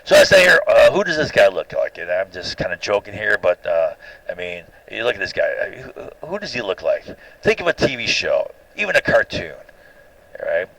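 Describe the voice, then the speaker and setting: A man giving an informal recorded lecture, animated and opinionated, constantly checking in with "right?". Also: fairly low pitch, moderate pace, dry recording, low-quality recording.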